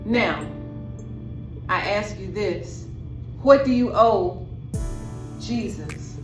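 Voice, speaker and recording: A woman's voice: medium pitch, animated, drawn-out words, pauses often, music in the background. A woman preaching a sermon, telling a vivid story and speaking straight to the listener. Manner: dramatic storytelling, direct address to listener. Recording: echoey room with faint noise.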